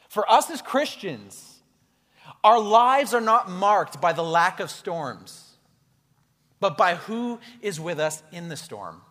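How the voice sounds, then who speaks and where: A male pastor preaching an animated, conversational sermon to his congregation in a church hall. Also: high voice, slow pace, long pauses. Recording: echoey hall reverb.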